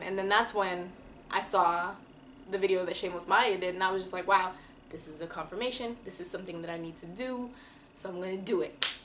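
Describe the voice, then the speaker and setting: Woman doing a heartfelt confessional vlog, lowish voice, slangy, faint hiss behind. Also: a bit bright, low-quality recording. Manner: candid and emotional, slangy, drawn-out words. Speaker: vlogger.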